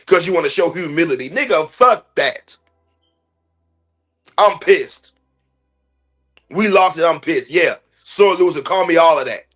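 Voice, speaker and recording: High-voiced man on a profane sports rant. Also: expressive, a little slow, long pauses, fairly bright tone, soft background music. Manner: profane, blunt, fired-up slang-heavy ranting. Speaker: sports podcast host. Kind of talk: heated livestream sports rant.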